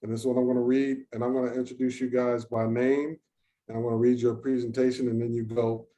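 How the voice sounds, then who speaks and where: A man's voice: mid-range voice, flat delivery, fast talker, dark tone. A man moderating an online session over a video call, talking in an informal, chatty way. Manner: informal, chatty, thinking aloud. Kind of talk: hosting an online research session.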